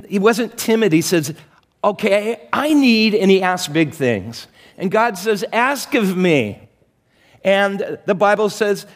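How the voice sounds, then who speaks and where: Man preaching in a reverberant hall. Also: on the high side. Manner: conversational, acts out Bible scenes in quoted voices. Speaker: pastor. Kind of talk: sermon.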